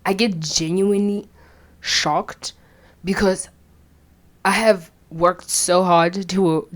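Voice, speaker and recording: A young woman, telling a candid personal story with plenty of swearing and quiet whispered asides. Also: on the low side, fairly even intonation, unhurried. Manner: blunt and profane, drops into whispered asides. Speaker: vlogger.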